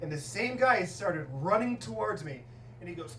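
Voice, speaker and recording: A man doing a stand-up set, telling stories in an animated way and laughing at his own jokes in a comedy club. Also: high voice, normal speed, slight background noise. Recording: roomy club sound, mic at a distance, audience laughter.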